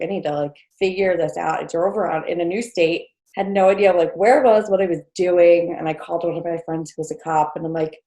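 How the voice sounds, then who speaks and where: A woman's voice: lowish voice, dark tone. A woman in her thirties from New Jersey, a podcast guest telling a personal story in a chatty way with many fillers and small laughs. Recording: echoey room.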